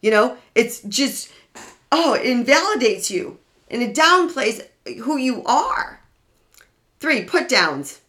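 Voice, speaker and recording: A woman giving an emphatic explanatory talk, animated and full of rhetorical questions. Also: a little high, slow.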